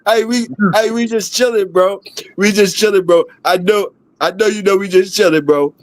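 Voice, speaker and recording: A middle-aged man with a Baltimore accent chats casually as a livestream host. His voice sits a bit high, and he talks in a relaxed, laughing, streetwise way. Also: normal speed. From DMV area of the US. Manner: laid-back, laughing, streetwise slang. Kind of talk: casual chat.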